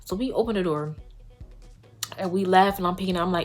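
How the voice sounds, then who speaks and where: Young woman, casual storytime vlog, slangy, chatty, lowish voice. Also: brisk, soft background music. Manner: animated, slangy, addresses viewers directly. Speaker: vlogger.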